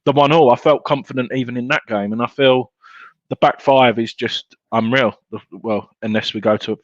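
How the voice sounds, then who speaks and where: A man's voice: mid-range voice, steady tone, moderate pace, no echo. A man calling in to a fan show, chatting casually and friendly, often stumbling and repeating words. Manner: friendly, hesitant, repeats himself. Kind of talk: casual chat. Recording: dull lo-fi call line.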